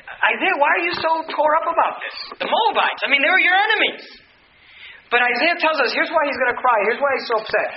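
A man's voice: extremely high pitch, a little hiss or hum. A man preaching a sermon, reading scripture aloud and then explaining it with emphatic repetition. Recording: roomy, slightly dull sermon recording.

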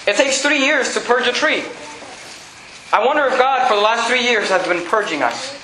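A male pastor preaching an emphatic, shouting sermon in a church. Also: extremely high pitch, expressive, moderate pace, roomy sound, a little hiss or hum, low-quality recording. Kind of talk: fiery sermon.

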